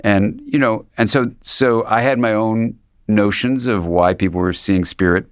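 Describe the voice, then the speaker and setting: Man, low voice, gravelly, dry close sound, reflective interview guest. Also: unhurried, no room sound. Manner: thoughtful, meandering, with frequent restarts. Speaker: psychiatrist and guest.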